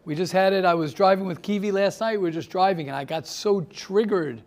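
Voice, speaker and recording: A man with a high voice, a rabbi, talks a little fast while giving a motivational seminar to a small group. Lively and story-driven, he calls out listeners by name and repeats words for emphasis.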